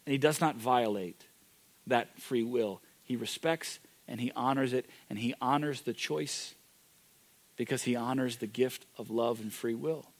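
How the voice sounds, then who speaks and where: A man preaching a sermon, moving from loud, emphatic declarations to hushed, intimate moments. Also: mid-range voice, measured pace. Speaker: pastor.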